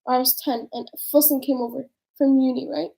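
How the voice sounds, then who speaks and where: Chatty young woman with a high voice. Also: fairly even intonation, brisk, creaky, mellow. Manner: chatty, giggly storytelling. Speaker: co-host, younger sister. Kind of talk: casual chat.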